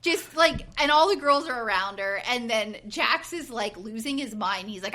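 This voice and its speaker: Woman in her forties, podcast co-host; animated, bright, lots of "like", mimics people mid-story. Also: fairly high pitch, moderate pace, hardly any pauses. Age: 40s. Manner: animated retelling, acting out quotes, frequent fillers. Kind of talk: casual reality TV recap chat.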